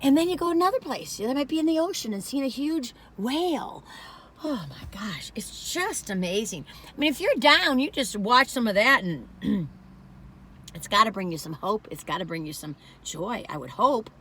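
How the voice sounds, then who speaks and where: A woman's voice: fairly high pitch, lively intonation, moderate pace, a bit bright, slightly rough. Chatty, emphatic northern woman vlogger. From northern United States. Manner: emphatic, chatty, rambling with laughs. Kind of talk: casual food review chat.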